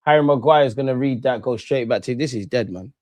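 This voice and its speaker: A man's voice: medium pitch, fairly quick, a little mellow, dry recording. A young man, chatting slangily and sounding bored through live football commentary. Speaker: football watchalong streamer. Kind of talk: casual live match commentary.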